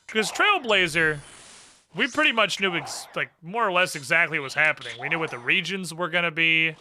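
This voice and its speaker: A man with a high, very bright voice chats casually while streaming a game. He is sardonic and mutters under his breath between rants, and a faint hiss sits behind him. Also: lively intonation, a little fast. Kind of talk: casual live-stream chat while gaming.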